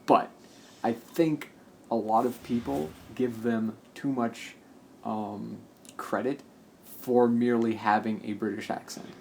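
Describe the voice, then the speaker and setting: American male co-host, mid-pitched, rambly and opinionated, faint noise floor. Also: fairly even intonation, takes it slowly, gravelly, a little mellow. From United States. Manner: rambling, opinionated, lots of restarts and "like". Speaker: gaming stream co-host. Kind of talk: casual chat while playing a game.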